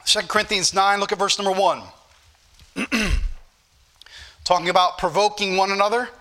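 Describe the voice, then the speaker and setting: A man's voice: high voice, steady tone, moderate pace, bright, forceful tone. A male preacher, exhorting a congregation in a sermon and repeating scripture references with emphatic bursts.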